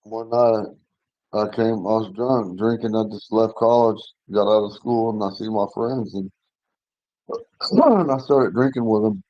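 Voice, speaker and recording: A man in his forties, slightly hoarse, telling a long personal story in a casual, rambling way, often restarting and clearing his throat. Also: on the low side, unhurried, no room sound, highs cut off. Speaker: language class member telling a story.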